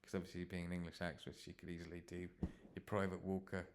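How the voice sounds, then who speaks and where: A man reads his own comedy script aloud and breaks off for offhand, self-mocking asides. His voice sits low. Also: little pitch movement, quick pace, background noise.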